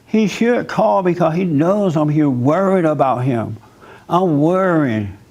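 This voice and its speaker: A man voicing a worried, suspicious girlfriend who nags in a whiny, drawn-out way. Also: low-pitched, expressive, a little mellow, exaggerated voice. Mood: worried, nagging. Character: worried suspicious girlfriend, adult woman, nagging.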